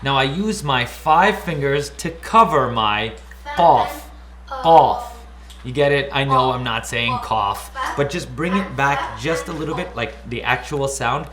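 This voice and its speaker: A man's voice: medium pitch, moderate pace, few pauses, a crowd in the background. Guy teaching letters, playful and repetitive, goofy memory tricks, roomy echoey sound. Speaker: Arabic teacher. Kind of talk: playful teaching with call-and-response drills. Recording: echoey room.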